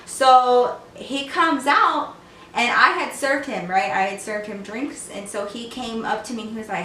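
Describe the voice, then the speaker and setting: A young woman talks straight to her camera, telling a story in a loose, slangy way and acting out what everyone said. Her voice is bright and sits a little high for a woman. The mic is a bit away from her, so the room echoes around her. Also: normal speed, distant mic, a little hiss or hum. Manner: animated, slangy storyteller who acts out quotes. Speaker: vlogger.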